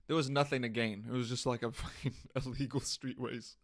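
A young male podcast host rants through a casual comedic monologue, swearing and laughing at himself. His mid-range voice holds a steady tone and moves briskly with few pauses, captured on a studio mic through an audio interface.

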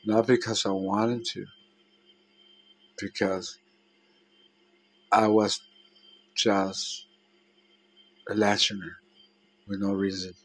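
A man talks through his own past in a husky voice. He speaks slowly and pitches a little low, breaking off and restarting as he goes. His halting, emotional delivery makes it sound like a confession. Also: little pitch movement, rough recording. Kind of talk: personal confessional storytelling.

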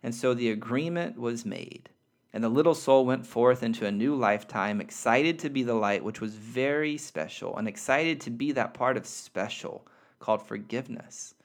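A man reads a spiritual story aloud as a podcast host. His mid-pitched voice stays soft, measured and sincere. His narration flows steadily between the lines of dialogue.

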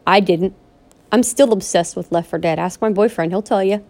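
A woman's voice: mid-range voice, normal speed, a little mellow. A woman vlogger ranting in a personal vlog, pleading and upset, repeating herself and restarting her sentences. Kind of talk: emotional personal vlog rant.

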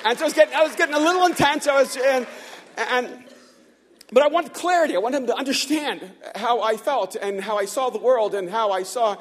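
A man preaching at a church gathering, his voice pitched high for a man and a little husky. He tells the story in an animated way, tripping over repeated "and"s and chuckling between phrases. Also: brisk. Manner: animated storyteller, repeats "and" often, laughs along. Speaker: pastor. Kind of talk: storytelling sermon. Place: church gathering before a live audience.

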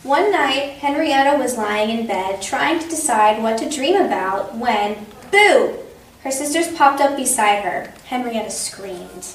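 A woman hosting story time, reading a children's picture book aloud with expressive, lively storytelling. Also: fairly high pitch, a little slow, few pauses. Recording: echoey room, distant mic, faint noise.

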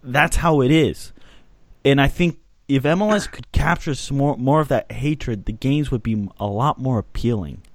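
A man's voice: mid-range voice, moderate pace, no echo, studio quality. A man hosting a casual sports podcast, giving opinions with long lists of examples. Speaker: podcast host.

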